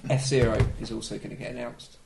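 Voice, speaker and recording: Podcast guy with a gravelly voice, confident, rattling off predictions. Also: mid-range voice, little pitch movement, a little fast, noisy background. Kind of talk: casual chat.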